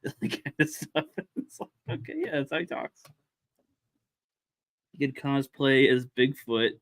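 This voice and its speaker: A man's voice: mid-range voice, fairly even intonation, unhurried. A man co-hosting a casual livestream, rambling and chuckling between his remarks.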